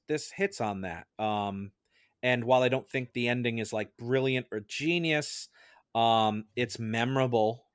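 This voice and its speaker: A man's voice: medium pitch, a bit bright, smooth, no room sound. Chatty man, dry close sound. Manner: chatty, lots of fillers. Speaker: podcast juror. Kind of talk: casual film discussion.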